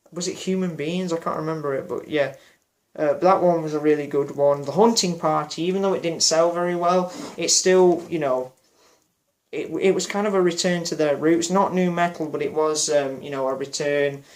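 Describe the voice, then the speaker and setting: A man giving an unscripted personal reflection for his vlog, rambling and hesitant with many fillers and restarts. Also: on the high side. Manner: apologetic about memory slips. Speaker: music vlogger.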